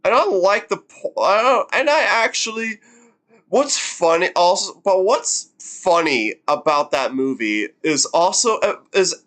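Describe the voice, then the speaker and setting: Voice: mid-range voice, animated, a little slow, fairly bright tone. A reaction streamer chatting casually, stammering and repeating words, often breaking into laughs.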